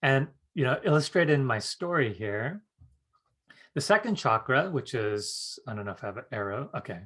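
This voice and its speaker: Middle-aged male workshop teacher, lively storyteller, medium pitch. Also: moderate pace. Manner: animated storyteller acting out quoted voices. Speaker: psychic development teacher.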